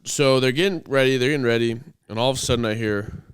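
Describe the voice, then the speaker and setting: A man's voice: medium pitch, fast talker, few pauses, clean tone, dry recording. A young man co-hosting a podcast, telling a rambling story in casual chat and swearing freely. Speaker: podcast co-host.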